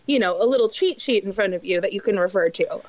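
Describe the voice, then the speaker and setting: A woman co-hosting a casual sports podcast, conversational and measured. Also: mid-range voice, lively intonation, a little mellow. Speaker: podcast co-host. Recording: dry, dull lo-fi sound.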